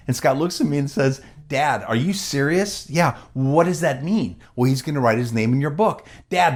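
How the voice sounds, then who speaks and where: A man giving a storytelling speech at a gala, animated and acting out the quoted dialogue of others. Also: medium pitch. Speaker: gala speaker.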